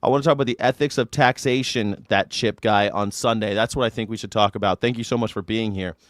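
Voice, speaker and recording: A man's voice: fairly low pitch, steady tone, fast talker, no room sound, clean studio sound. A man hosting a live news reaction show, ranting in an irreverent, mocking way. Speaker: host.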